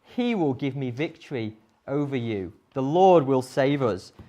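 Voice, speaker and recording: A woman's voice: very deep voice, expressive, unhurried, warm tone, muffled recording, voice pushed down. A woman voicing a confident, earnest shepherd boy in a retold Bible story. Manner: earnest, indignant and sure.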